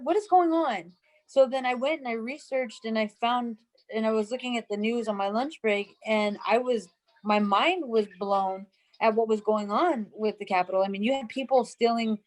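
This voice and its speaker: A woman's voice: a little high, darkish tone, poor audio. A woman chatting casually on a panel show, telling a story and acting out the quotes. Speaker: co-host.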